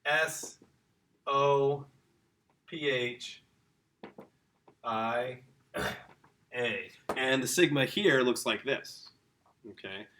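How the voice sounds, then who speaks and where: A man's voice: mid-range voice, very slow, long pauses, fairly bright tone, a little hiss or hum. A man teaching a casual lesson, talking straight to the kids and their parents with eager enthusiasm. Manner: enthusiastic, chatty, addresses the kids directly. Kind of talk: informal home-school lesson.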